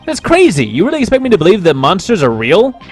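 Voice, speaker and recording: A man's voice: high voice, wildly swooping pitch, fast talker, faint music behind, exaggerated voice. Guy reading a young lawyer from a game, kinda dry and skeptical, bouncy voice. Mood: wry. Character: earnest young male defense lawyer. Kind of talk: reading game dialogue aloud.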